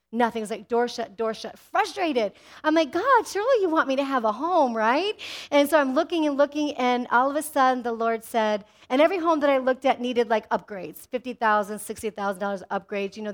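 A woman pastor delivering a sermon with energy, often asking the congregation "amen?" and telling personal stories. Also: fairly high pitch. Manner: personal storytelling.

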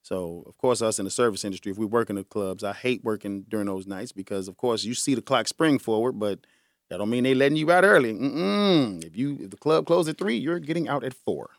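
A man hosting a casual solo podcast, animated and joking, who laughs often, breaks into bits of song and calls his listeners y'all. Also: mid-range voice, a little fast, no room sound, studio quality. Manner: folksy slang, addresses listeners as y'all. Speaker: podcast host.

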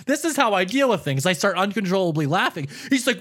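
A man's voice: high-pitched, expressive, quick pace, hardly any pauses, a bit bright. A young adult man telling a story in casual podcast chat, swearing often and laughing through it.

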